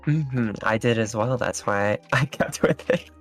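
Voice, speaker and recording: A man as an interview guest, telling stories in a relaxed, rambling way with fillers and small laughs. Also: mid-range voice, unhurried, soft background music. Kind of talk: casual interview chat.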